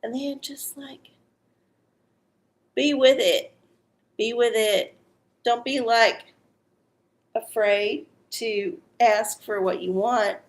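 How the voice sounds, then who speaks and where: Woman, livestream host doing readings, unhurried gravelly drawl, salty and frank, slightly weepy. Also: fairly high pitch, fairly even intonation. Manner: blunt, profane and chatty. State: teary-eyed. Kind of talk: casual livestream chat.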